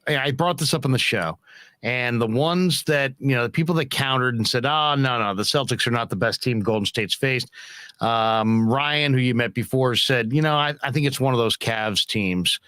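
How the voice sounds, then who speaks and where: A man's voice: medium pitch, fairly bright tone, no echo. Conversational male sports podcast host, dry. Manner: conversational, thinks aloud with restarts. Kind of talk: casual sports talk.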